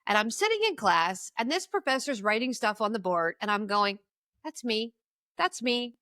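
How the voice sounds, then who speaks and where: A woman's voice: medium pitch, very animated, a little fast, sharp tone, no echo, clean studio sound. A woman in her forties, an addictions coach, telling her personal story in a podcast interview and acting out the people she quotes.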